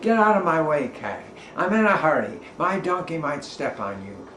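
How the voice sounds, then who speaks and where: An impatient man shouts at anyone in his path as he drags his donkey along, voiced by a male storyteller. The voice carries a roomy echo. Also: on the high side, very animated, unhurried, slight background noise, exaggerated voice.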